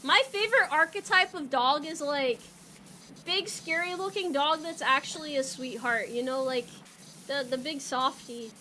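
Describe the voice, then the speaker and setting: A woman's voice: high-pitched, normal speed, pushed and bright, a little hiss or hum. A young woman streamer chatting casually with her viewers while she plays, rambling and joking and laughing often.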